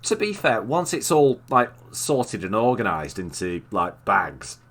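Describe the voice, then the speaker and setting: Host, man, very low voice, bright and forceful, hesitant with fillers. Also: very animated, measured pace. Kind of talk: casual chat.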